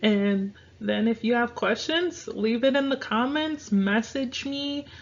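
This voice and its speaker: A Spanish teacher with a gravelly, creaky, slightly high voice leads a casual online language lesson. She goes slowly, repeating each word several times so learners can practice pronunciation. The audio is dull and lo-fi.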